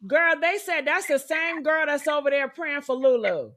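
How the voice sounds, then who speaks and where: A woman's voice: high-pitched, moderate pace, fairly bright tone, dry recording. A woman hosting a casual livestream chat, sassy and teasing, laughing often. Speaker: live show host.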